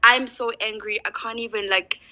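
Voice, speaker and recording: A woman's voice: fairly high pitch, fairly even intonation, moderate pace, bright, forceful tone, low-quality recording. A woman giving an impassioned, angry personal testimony in an online audio discussion, asking rhetorical questions.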